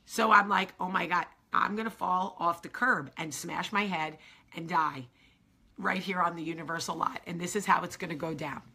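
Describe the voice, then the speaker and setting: A woman vlog host telling a story casually to her viewers, animated and chatty, swearing freely and talking straight to the audience. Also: on the low side, moderate pace, gravelly, breathy edge.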